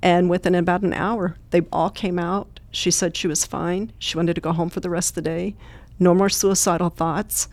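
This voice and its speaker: A woman's voice: fairly low pitch, little pitch movement, moderate pace, darkish tone, no room sound. A woman guest who trains therapy dogs, telling earnest, plain-spoken stories in an interview. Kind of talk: storytelling interview answers.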